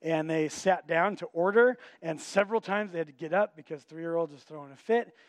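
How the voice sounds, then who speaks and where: A man's voice: fairly high pitch, a little fast, dry recording. A middle-aged man, a pastor, telling a personal story in a sermon, conversational with frequent restarts.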